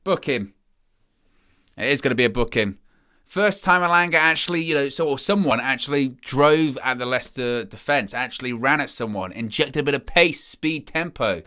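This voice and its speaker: A young man giving excitable, chatty live commentary as a fan following a football match. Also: mid-range voice, fairly quick, clean tone. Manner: excitable, chatty play-by-play with asides.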